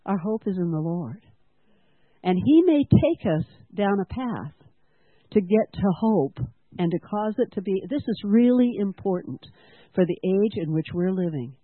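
The voice is medium-pitched, animated and a little slow: a church-school teacher earnestly delivering a sermon, asking questions and having the congregation repeat after them. It's a dry, tinny, phone-like recording.

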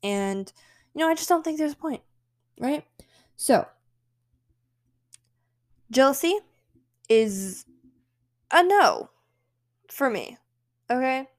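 A young woman hosts her own podcast, speaking in a high, expressive voice at a slow pace with long pauses. She's chatty and emphatic, cheering on both herself and her listeners in a casual way.

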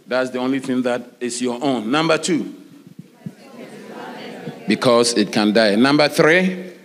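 A man preaching a sermon as pastor, animated, with sudden high shouts and laughing asides. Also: measured pace.

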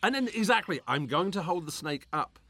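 Lively, joking man with a higher voice. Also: a little hiss or hum. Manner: animated, laughing, quick jokes and mock quotes. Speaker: film commentary co-host. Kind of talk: casual commentary chat.

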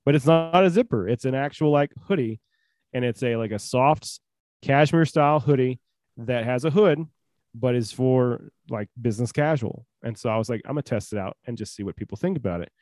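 A man's voice: mid-range voice, fairly quick, darkish tone, dry recording. A young man co-hosting a podcast, chatting casually in a jokey, rambling way with lots of fillers. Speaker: podcast co-host. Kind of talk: casual chat.

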